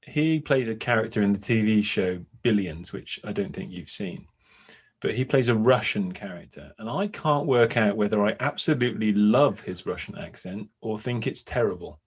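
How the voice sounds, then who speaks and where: Co-host type: a husky, low-voiced man who muses and hesitates, talking casually from home. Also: expressive, moderate pace. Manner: thoughtful, musing, hesitant. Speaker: podcast co-host and agile coach. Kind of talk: casual chat.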